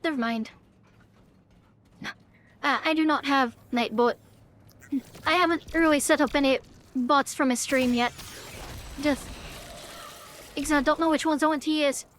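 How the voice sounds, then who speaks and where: High-voiced Northern Irish woman streaming. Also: measured pace, pauses often, a bit bright, slight background noise. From Northern Ireland. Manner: chatty, swears casually. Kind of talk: live gameplay commentary.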